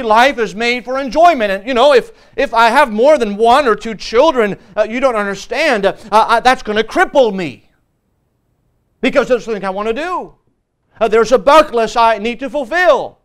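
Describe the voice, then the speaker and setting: High, clear-voiced male pastor. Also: a bit bright. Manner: earnest, emphatic, with frequent fillers. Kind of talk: Sunday school teaching. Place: church.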